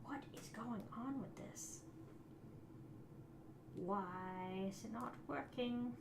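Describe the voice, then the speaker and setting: A woman hosts a live building stream, talking slowly and half to herself. She often mutters softly while she works. Her voice rings in a roomy space over a faint background hum. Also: on the high side, creaky. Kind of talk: casual live-stream chat.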